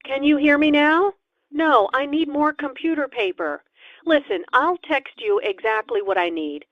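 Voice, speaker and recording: A woman's voice: high-pitched, lively intonation, normal speed, dry recording. A woman voicing a busy office worker who makes practical requests over a bad phone line in a scripted lesson dialogue. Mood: businesslike. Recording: muffled phone-line sound.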